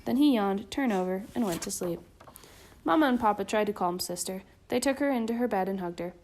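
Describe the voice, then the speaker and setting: A woman reading a children's storybook aloud in a gentle, even storytelling manner. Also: medium pitch, brisk, a little hiss or hum. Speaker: storybook reader.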